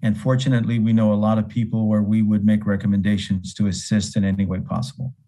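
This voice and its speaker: Low, mellow-voiced man. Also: flat delivery, fast talker. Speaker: veterans services representative.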